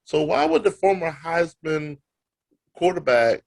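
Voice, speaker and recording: A man's voice: a little high, big pitch swings, unhurried, creaky. Man ranting on a sports podcast. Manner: emphatic, incredulous ranting. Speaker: podcast co-host. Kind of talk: casual sports banter.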